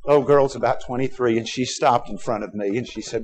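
A middle-aged man from Texas, preaching a sermon as pastor, swinging between loud urging and quiet, low asides. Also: a little fast. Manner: emphatic preaching with sudden loud and soft swings.

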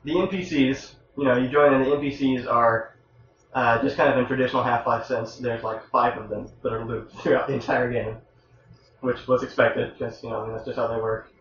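A man's voice: medium pitch, fairly even intonation, brisk, fairly bright tone. A man talks his way through a casual review on a live stream, rambling and stopping to restart his sentences. He sits well back from the mic in a very echoey room, and the sound is dull and lo-fi. A faint hiss sits under his voice. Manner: rambling, self-interrupting, exasperated at interruptions. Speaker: podcast host presenting a game review. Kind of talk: casual chat. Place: room shared with two co-hosts on a live stream. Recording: roomy, distant, dull lo-fi mic with faint noise.

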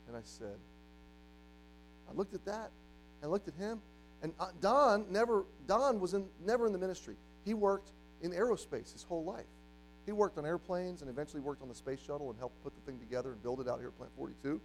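A man preaching a sermon to a congregation, telling a story and moving from quiet, hushed passages to loud, emphatic ones. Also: on the high side, lively intonation, a little fast, soft background music, low-quality recording. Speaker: pastor. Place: church.

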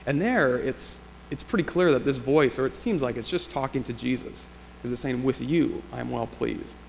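Against long church reverb and a faint hum, this pastor muses conversationally through his sermon, asking rhetorical questions. He speaks at a moderate pace in a gravelly, medium-pitched voice.

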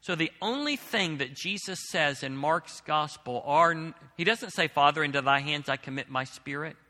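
A man's voice: on the high side, normal speed, sharp tone, big-room sound. A man preaching a sermon as a pastor, reading scripture aloud and then explaining it with emphasis.

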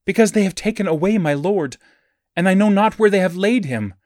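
Male reader doing a grieving woman disciple, pitched up, pleading, dry studio read. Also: lively intonation, a little fast, darkish tone, no room sound. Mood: pleading grief.

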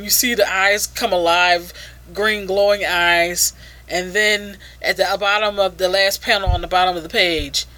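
A woman with a bright voice chats through a comic book review in a loose, informal way. She swears often and slips into dry sarcasm. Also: medium pitch. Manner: casual, profane, sarcastic.

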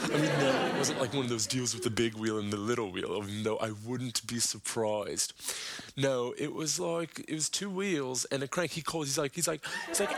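Gravelly man rambling over loud noise. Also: normal speed. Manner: rambling, puts on high silly voices for quotes. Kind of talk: comedic monologue.

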